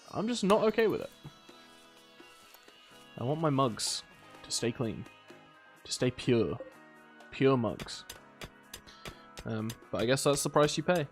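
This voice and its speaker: A British man chats his way through a game session. His voice rises and falls a lot as he rambles and scolds his characters. Faint game music plays underneath. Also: mid-range voice. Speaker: gaming video host. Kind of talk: casual gameplay commentary.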